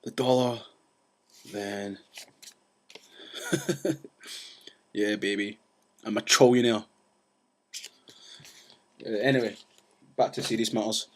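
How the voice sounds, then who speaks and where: A man's voice: lowish voice, fairly even intonation, slight background noise. Rambling man ranting. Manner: rambling, with restarts and asides; says he talks fast. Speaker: vlogger. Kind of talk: casual rant to camera.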